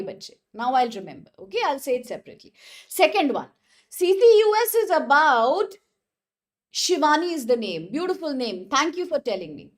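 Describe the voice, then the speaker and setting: High-pitched woman teacher, chatty, keeps calling out students by name. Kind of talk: live online exam-prep lesson.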